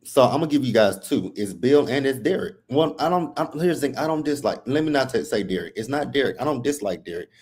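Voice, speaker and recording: A man co-hosting a soap opera recap livestream, laid-back and quick to laugh. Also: medium pitch, lively intonation, a little mellow, breathy edge. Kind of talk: casual livestream chat.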